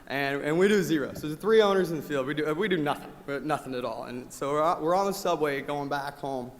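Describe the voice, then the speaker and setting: A man's voice: on the high side, brisk. Impassioned man speaking in a big hall. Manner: impassioned, swinging from loud rallying cries to quiet gratitude. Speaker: award speaker at a company rally. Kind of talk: motivational award speech. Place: large event hall. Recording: long hall reverb.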